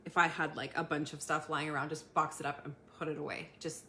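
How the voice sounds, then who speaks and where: Chatty, laughing woman with a low voice. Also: level tone, fast talker, pushed and bright, slight background noise. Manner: chatty, laughs often, many ums and restarts. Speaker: community host giving tips. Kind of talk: casual live-stream talk to viewers.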